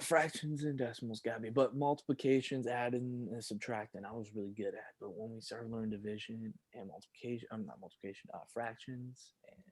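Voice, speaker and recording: Animated storytelling man, dry close mic. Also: no room sound. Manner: animated storyteller, jumps high when quoting himself. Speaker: podcast co-host. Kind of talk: casual chat.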